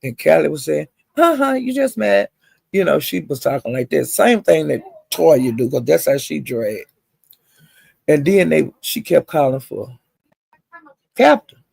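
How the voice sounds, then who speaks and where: Gossipy vlogger man with a gravelly, raspy voice, slightly high, dry close sound. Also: measured pace, no echo. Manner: chatty, calls listeners honey and child; animated retelling, mimics others' quotes. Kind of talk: gossipy storytelling.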